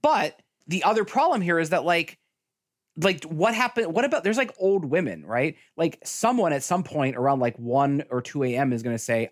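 A man's voice: fairly high pitch, moderate pace, no room sound, studio quality. A man co-hosting a podcast, rambling in casual movie chat with lots of "like" fillers. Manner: rambling, animated, many fillers. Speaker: podcast co-host.

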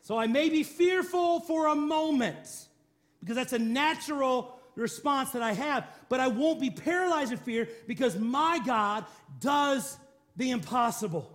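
A man with a high, bright-pitched voice preaches emphatically. He stacks up repeated declarations and rhetorical questions and calls on his listeners to answer back. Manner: calls for congregation response. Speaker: pastor. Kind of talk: sermon.

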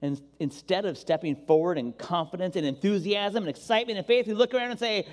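A male pastor giving an animated, playful sermon and acting out voices, recorded with long hall reverb. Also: high voice, fast talker, few pauses.

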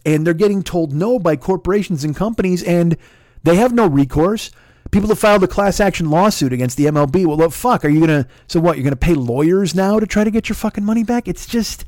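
A man's voice: a little high, a little mellow, no room sound, clean studio sound. A middle-aged American man, a podcast host, ranting in a sarcastic, profane, heated monologue. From United States.

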